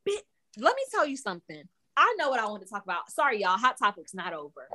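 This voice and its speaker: A woman's voice: mid-range voice, fast. A woman co-hosting a casual podcast, recapping a reality show in a blunt, sassy, profane way. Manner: sassy, blunt, profane, animated retelling with laughter. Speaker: podcast co-host.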